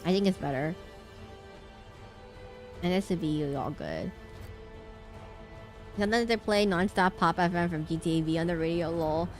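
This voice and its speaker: A woman's voice: fairly low pitch, moderate pace, pauses often, faint music behind. A woman streaming a video game, chatting casually in a rambling, self-correcting way. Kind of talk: casual gameplay chat.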